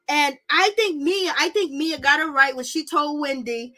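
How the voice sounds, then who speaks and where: A woman recapping a reality show in casual, slangy talk, animated and gossipy, laughing often. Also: high voice, moderate pace. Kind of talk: casual commentary.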